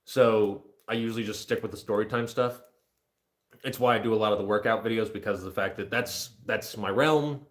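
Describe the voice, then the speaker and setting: A man's voice: on the low side, brisk. A man in his thirties chatting casually on a livestream, joking, self-deprecating and easily distracted. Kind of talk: casual rambling livestream chat.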